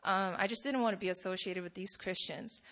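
A woman's voice: mid-range voice, brisk, fairly bright tone. A woman in her twenties, a student, praying and then speaking casually to a campus fellowship group, with frequent laughs. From Poland. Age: 20s. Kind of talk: opening prayer and talk to a student group.

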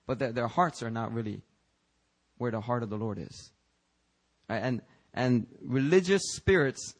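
A man preaching a church sermon in a conversational, emphatic way, with fillers and restarts and swings between loud highs and quiet lows. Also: rough recording. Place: church service.

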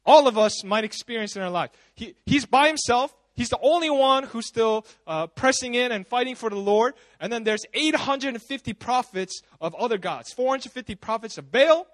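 A pastor preaching at a church service, telling stories in a loose, chatty, animated way full of asides. His voice sits very high for a man, and the sound is dry and close. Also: normal speed, dry recording. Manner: casual, animated storytelling with frequent asides. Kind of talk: sermon.

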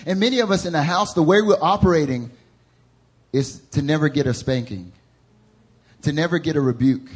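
A young man with a Southern US accent, preaching a sermon to a congregation as a lively, laughing storyteller who acts out the voices in his stories. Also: a little high, normal speed, pauses often, breathy edge. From American South. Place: church service before a congregation.

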